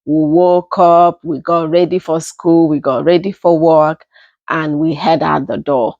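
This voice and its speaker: A young woman with a Nigerian accent telling a personal story in an unhurried, casual way, often repeating herself as she goes. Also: deep voice, steady tone, a little mellow, no echo, muffled recording. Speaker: storytelling vlogger.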